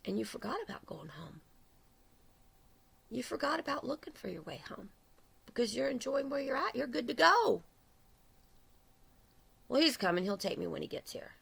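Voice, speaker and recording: A woman's voice: on the high side, sing-song, moderate pace, gravelly, long pauses, fairly bright tone, husky. A middle-aged woman preaching an impassioned religious sermon, urgent and repetitive, building in intensity.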